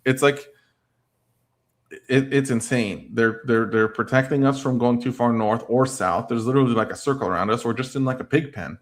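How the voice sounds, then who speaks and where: A man's voice: mid-range voice, moderate pace. Rambling man chatting on a livestream. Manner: rambling, full of "like" and "I don't know". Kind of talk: casual livestream chat.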